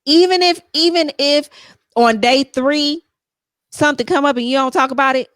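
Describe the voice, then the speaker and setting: A woman's voice: high-pitched, normal speed, fairly bright tone, dry recording, clean studio sound. A woman hosting a podcast in casual chat, talking earnestly and encouragingly and often checking in with "you know what I'm saying.". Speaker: podcast host.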